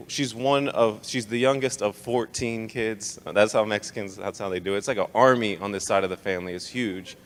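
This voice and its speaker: Joking young man in a big hall. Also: medium pitch. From Texas. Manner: casual, joking, animated storytelling. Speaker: speaker. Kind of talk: personal testimony talk. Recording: long hall reverb.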